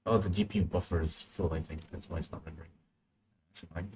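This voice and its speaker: A man's voice: sits low, fairly even intonation, quick pace, darkish tone, husky. A young man streaming while he works on a computer, thinking aloud in a casual, muttering way. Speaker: streamer animating live. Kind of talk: casual live-stream commentary.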